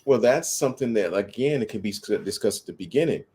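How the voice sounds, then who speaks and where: Man co-host, lower voice, relaxed slangy storyteller in casual dating chat. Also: fast, slight background noise. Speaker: podcast co-host.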